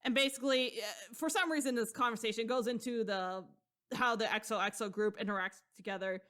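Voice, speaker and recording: A woman with a somewhat high voice retells a story in loose podcast chat. She rambles, piles on slang and swears freely, laughing along as she goes. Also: brisk, fairly bright tone. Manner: rambling and slangy, with frequent profanity; laughs often while telling the story. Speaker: podcast co-host. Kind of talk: casual chat recapping a novel.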